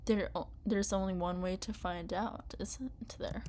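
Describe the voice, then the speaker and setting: A cruel villain commander who threatens in a hushed, slow voice. A woman voices her as she reads the game aloud. She stays level and unhurried rather than shouting. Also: mid-range voice, fairly even intonation, slight background noise, close to an everyday voice. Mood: menacing. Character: cruel female villain commander, cold, taunting. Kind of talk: reading game dialogue aloud.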